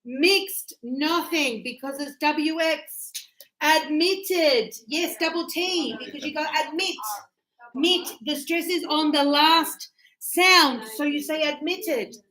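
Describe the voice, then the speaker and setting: Woman English teacher, high voice, unhurried delivery, echoey classroom sound. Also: sharp tone. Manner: explains patiently, acts out examples.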